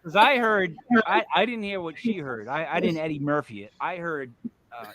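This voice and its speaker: Loud joking man hosting a casual chat. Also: a little high, lively intonation, brisk. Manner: loud, joking, repeats himself. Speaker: show host.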